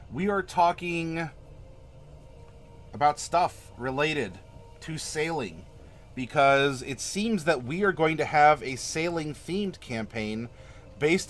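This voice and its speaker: There is slight background noise as a Florida man with a fairly high-pitched voice hosts a casual livestream. He reads viewer comments aloud, chatting with the audience in a rambling, friendly manner and laughing often.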